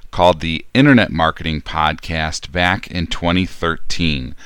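Deep-voiced man hosting a podcast. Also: bright, forceful tone, smooth. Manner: upbeat, direct advice with emphasis. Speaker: podcast host. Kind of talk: solo marketing podcast talk.

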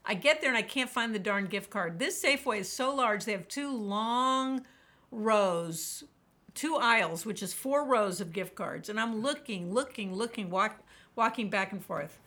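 A woman guest on a podcast, talking about burnout and telling lively stories in which she quotes herself. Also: medium pitch, measured pace. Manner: animated storyteller, quotes herself vividly. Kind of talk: podcast interview, storytelling.

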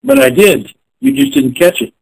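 A man who is a chiropractor, speaking as an interview guest in an animated way and acting out phone scripts. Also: sits high, moderate pace, vocal fry, poor audio. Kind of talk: conversational interview.

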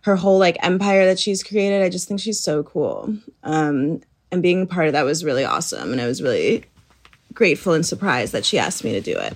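A young adult woman chatting as an interview guest, bubbly and giggly as she tells stories. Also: lowish voice. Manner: bubbly, giggly, lively storytelling. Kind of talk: casual interview chat.

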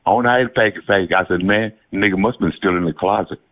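A man's voice: low-pitched, fast, narrow, tinny audio. A man on a phone chat line trash-talking and telling mocking stories, laughing at his own jokes.

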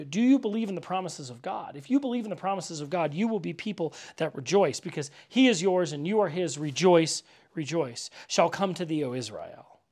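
Pastor, male, high-set voice, loose chatty sermon delivery with emphatic repeats. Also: a little mellow. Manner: conversational, many "like" fillers, emphatic repetition. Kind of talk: casual sermon. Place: church gathering.

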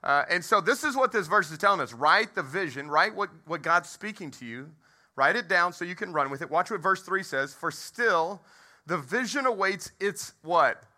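A man's voice: high-pitched, animated, normal speed, pushed and bright. A man in his thirties, a pastor, preaching and telling a funny story, asking the crowd questions. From Texas. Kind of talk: sermon with humorous story. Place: movie theater used as a church.

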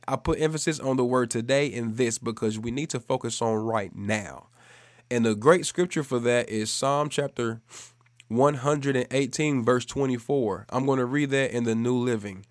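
An earnest man in his thirties delivers a sermon, repeating key phrases and rising into fervent exhortation. His voice sits in an ordinary middle pitch and sounds close and dry, with no room echo. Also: normal speed. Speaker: preacher.

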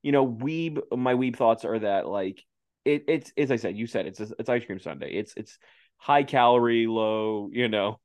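A man's voice: mid-range voice, clean tone, no room sound. Brief: male podcast co-host, giggly and jokey, dry close-mic sound. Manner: giggly, jokey, quick asides. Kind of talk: casual chat.

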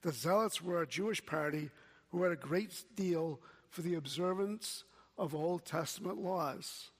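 Male pastor, sermon, high voice for a man, long hall reverb. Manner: slow, measured preaching with quoted scripture.

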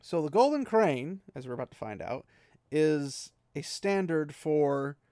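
A man's voice: fairly high pitch, expressive, unhurried, dark tone, no room sound, clean studio sound. A man casually recapping a fantasy book chapter, rambling with many fillers and small laughs.

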